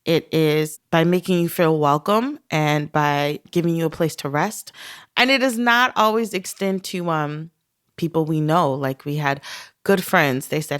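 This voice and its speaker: A woman's voice: deep voice, a little slow, smooth. A woman in her thirties, a podcast guest, talking in an earnest, heartfelt way and laughing often as she tells personal stories. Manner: earnest, laughs often, gets emotional while telling stories. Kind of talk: casual conversation.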